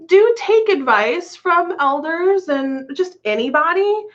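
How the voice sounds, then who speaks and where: A woman's voice: very high voice, animated, slow pace. A woman chatting casually about astrology as a vlog host, laughing often and swearing offhandedly. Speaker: astrology vlogger. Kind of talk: casual chat. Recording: lo-fi dull sound.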